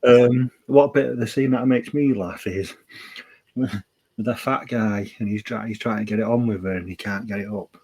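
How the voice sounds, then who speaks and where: A man's voice: lowish voice, moderate pace, a little mellow, poor audio. A man co-hosting a podcast in casual chat, swearing freely and rambling as he loses his thread. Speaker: podcast co-host.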